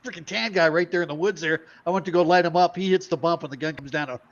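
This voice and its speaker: Fast-talking joking man. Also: on the high side. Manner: quick, joking, defensive banter. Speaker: podcast guest. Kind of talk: casual group chat. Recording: muffled lo-fi podcast audio.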